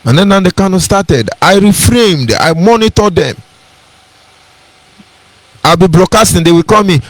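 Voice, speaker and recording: Man, Nigerian accent, radio address, impassioned, preacherly, high-pitched, dry. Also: lively intonation, normal speed, long pauses, dry recording. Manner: emphatic, preacherly, repeats key phrases. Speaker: radio broadcaster.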